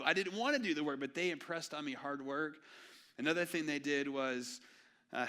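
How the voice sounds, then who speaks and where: Young male pastor, bright and forceful tone, animated storyteller who drops to near-hush for solemn points. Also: medium pitch. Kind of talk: sermon. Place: church sanctuary.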